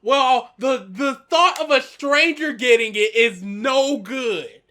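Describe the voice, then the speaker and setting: A woman co-hosting a casual chat, animated and laughing often as she reacts. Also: high voice, takes it slowly. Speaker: podcast co-host.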